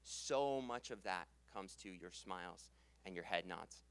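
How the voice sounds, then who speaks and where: A fairly low-voiced young man runs a sales seminar in front of a live audience. He talks with energy, laughs easily and brings every sentence down at the end. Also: unhurried, a bit bright, smooth, no room sound. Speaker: sales trainer. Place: conference room with live audience. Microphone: handheld stage mic.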